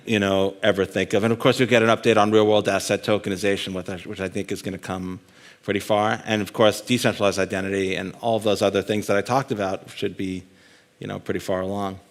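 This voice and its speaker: A man's voice: fairly low pitch, fairly bright tone. A man talking as the guest in an onstage fireside chat, joking and self-deprecating as he tells stories. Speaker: guest speaker. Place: conference stage.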